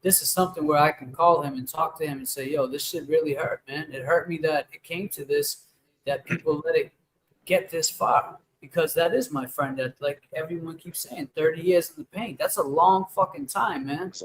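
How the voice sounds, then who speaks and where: A man's voice: on the high side, normal speed, poor audio. A man hosting a casual livestream chat, talking in an emphatic, profane, rambling way. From Boston.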